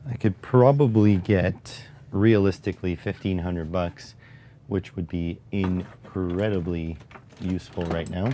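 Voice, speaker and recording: Low-voiced guy rambling on his stream, wry and chatty, a bit of faint noise behind. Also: steady tone, measured pace, mellow. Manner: rambling, wry and conversational, answering chat. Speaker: livestream host. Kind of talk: casual livestream chat.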